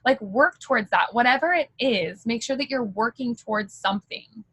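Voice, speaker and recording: A woman's voice: fairly high pitch, normal speed, fairly bright tone, husky, dry recording, rough recording. A woman giving a candid motivational talk as a direct-sales team leader, chatty and full of fillers.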